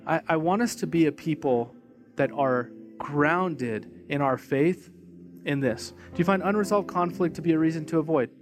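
A man preaching a sermon in a conversational, animated way, telling a story and asking the congregation questions. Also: on the high side, normal speed. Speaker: pastor. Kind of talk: sermon with storytelling and altar call. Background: music playing.

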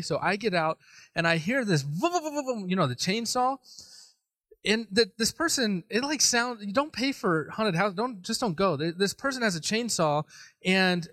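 A man preaching a sermon, telling a personal story in an animated, self-deprecating way. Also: sits high, no echo. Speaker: pastor.

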